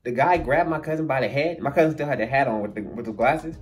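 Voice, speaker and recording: A man telling a funny story in a storytime vlog, animated and acting out the voices of the people in it. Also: medium pitch, fast, faint music behind.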